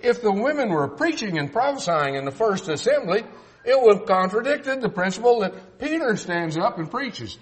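A man's voice: high voice, big pitch swings, normal speed. An older man from South Texas preaching a sermon, folksy and emphatic, mixing Bible argument with family stories.

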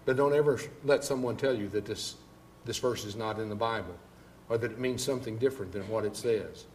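An older man preaching a sermon, moving between quiet storytelling and loud, emphatic declarations. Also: fairly low pitch, a little fast, slight background noise.

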